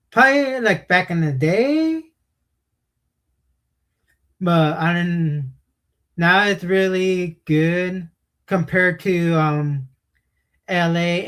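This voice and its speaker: A man's voice: a little high, a bit bright. A man hosting a show, making chatty asides to the viewers. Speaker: host. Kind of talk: casual show commentary.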